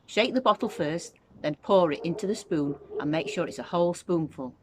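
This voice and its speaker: A woman's voice: on the low side, moderate pace, noisy background, natural voice. A woman voicing a cranky, bossy old grandmother who snaps and scolds. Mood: snappish. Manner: snapping, scolding, shouting.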